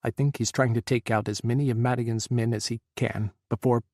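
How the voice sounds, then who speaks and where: A man's voice: medium pitch, fairly even intonation, brisk, a little mellow, dry recording, studio quality, lightly acted. A man voicing a grieving former president who pleads urgently for help. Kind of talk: audiobook character voice.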